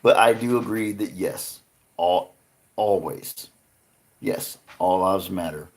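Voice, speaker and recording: A man hosting a live stream, rambling earnestly to his chat with frequent restarts. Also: sits low. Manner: rambling, halting, many restarts; earnest, talks to chat viewers by name.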